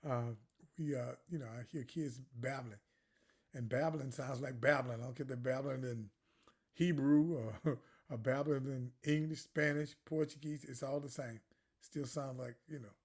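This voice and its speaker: A man's voice: medium pitch, darkish tone, husky. An older man, a jazz educator, giving a chatty, digressive lecture on phrasing and now and then singing syllables to show it.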